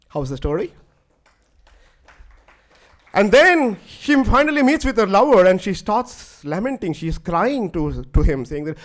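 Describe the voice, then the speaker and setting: Animated male professor lecturing. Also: sits high, unhurried. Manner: animated, fills speech with "like". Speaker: professor giving a conference lecture. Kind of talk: conference lecture with storytelling.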